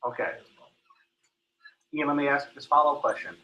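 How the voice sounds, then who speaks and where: A man's voice: medium pitch, lively intonation, a little fast, long pauses, sharp tone, breathy edge, low-quality recording. A man teaching a law class in a classroom, calling on students by name and tagging his points with "right?" and "okay?". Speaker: law professor. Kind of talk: Socratic classroom lecture.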